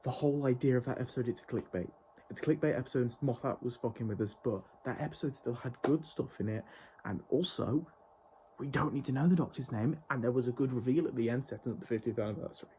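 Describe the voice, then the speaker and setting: A man's voice: mid-range voice, quick pace, dark tone, slight background noise. A man reviewing a TV show in an exasperated, profane rant. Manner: exasperated, heavily profane ranting. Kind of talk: ranting review vlog.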